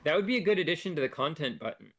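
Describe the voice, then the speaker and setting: A man chatting casually on a game stream, telling stories lively and mimicking people as he goes. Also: on the high side, racing. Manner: animated storyteller who mimics people. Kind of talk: casual storytelling chat.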